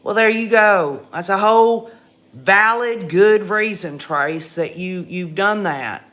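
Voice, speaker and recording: An older woman with a raspy voice and a drawl hosts a laid-back live stream, reading out viewer comments. She talks at an unhurried, easygoing pace in a folksy, chatty manner. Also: mid-range voice, fairly bright tone. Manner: slow, folksy and chatty, laughing often.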